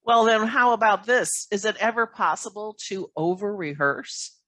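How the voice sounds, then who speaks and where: A woman's voice: mid-range voice, normal speed, fairly bright tone, no room sound. A woman moderating a Q&A, asking questions in a friendly, conversational way over a video call. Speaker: interviewer, Q&A moderator. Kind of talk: hosted Q&A.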